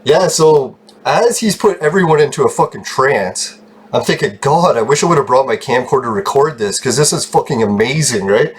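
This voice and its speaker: A man telling a long rambling story in a casual vlog, swearing freely, getting excited and laughing often. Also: mid-range voice, normal speed, breathy edge. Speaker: channel host telling a story.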